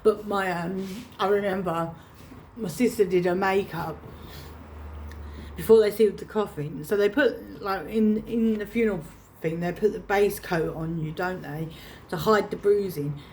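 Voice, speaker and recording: A woman's voice: mid-range voice, measured pace, a little mellow, slight background noise. A woman telling a painful personal story to camera, emotional and reenacting her own past words. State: choked up. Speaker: vlogger.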